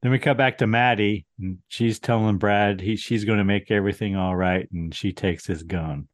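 A man's voice: lowish voice, fairly even intonation, normal speed, no room sound. Wry man recapping a slasher film. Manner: dry, wry plot retelling with chuckles. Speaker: podcast co-host. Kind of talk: casual movie recap chat.

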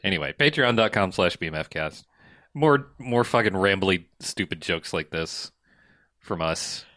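A man's voice: expressive, moderate pace, sharp tone, no echo, studio quality. A man co-hosting a podcast, trading rambly jokes in casual banter. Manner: joking, rambly banter with sudden jumps in pitch. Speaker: podcast co-host. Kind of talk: casual chat.

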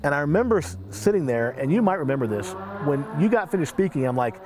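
A man's voice: fairly high pitch, big pitch swings, fast, background noise. A man hosting a casual panel talk, chatty and enthusiastic. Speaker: host.

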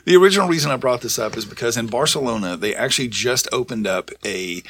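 Fast, bright, husky-voiced man. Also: mid-range voice. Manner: argumentative, profane. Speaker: podcast co-host. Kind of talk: casual podcast banter.

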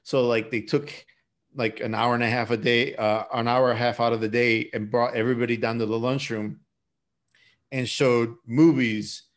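Laid back guy cohost, mid pitch, chats and laughs a lot. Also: flat delivery, normal speed. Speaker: podcast co-host. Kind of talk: casual chat.

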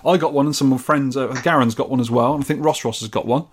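A man's voice: medium pitch, fast talker. A man from the UK chatting casually and enthusiastically as a podcast host. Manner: chatty and enthusiastic, rambling with restarts. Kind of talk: casual chat.

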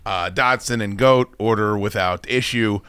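A man's voice: measured pace, clean tone, dry recording. A man hosting a podcast, telling a story in a casual, profane way. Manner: animated, profane, acts out others in high voices. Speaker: podcast host.

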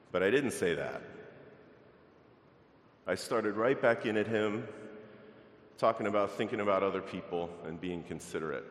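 A man's voice: fairly low pitch, normal speed, long pauses, a bit bright. A middle-aged male pastor preaching a sermon, reading scripture and telling a personal story in a conversational way with fillers. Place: large church sanctuary. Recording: echoey church hall, long reverb.

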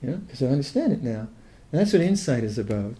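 An older man, a Buddhist meditation teacher, giving a reflective dharma talk in a thoughtful, halting way, often restarting his sentences. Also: medium pitch, very animated, dark tone.

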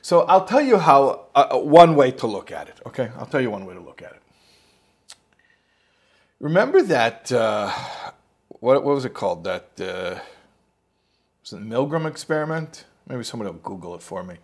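A man's voice: mid-range voice, very animated, normal speed, pauses often, a little mellow, husky. A man giving an informal spoken lesson as a religious teacher. He tells the story in a rambling way, restarts himself, and acts out the quotes.

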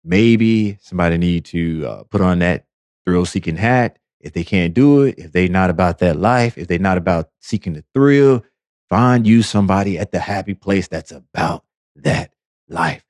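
A man's voice: low-pitched, normal speed, darkish tone, no echo, studio quality. A man hosting a podcast and giving a preachy, emphatic monologue full of repetition. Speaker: podcast host. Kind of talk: motivational monologue.

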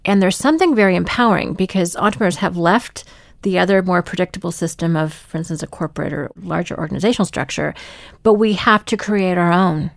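A woman co-hosting a podcast speaks in a lowish voice with some vocal fry. She sums up and affirms ideas in a thoughtful way. The recording is close and dry. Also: quick pace, no echo. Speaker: podcast co-host. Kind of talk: conversational podcast talk.

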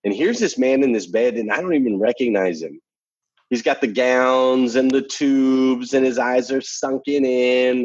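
A man's voice: fairly low pitch, a little mellow, breathy edge, dry recording, muffled recording. A man guest telling a personal story in a casual conversation, emphatic and repeating phrases for effect, ending with a motivational challenge. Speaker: podcast guest.

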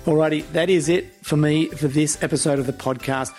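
A man's voice: fairly high pitch, fairly even intonation, brisk, a little mellow, soft background music. A man hosting a podcast interview, upbeat and effusive as he thanks his guest. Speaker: podcast host.

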